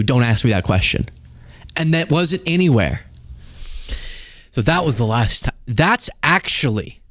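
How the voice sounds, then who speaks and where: A man hosting a solo political commentary show, talking in an animated, incredulous and sarcastic way. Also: on the high side, dry recording, studio quality.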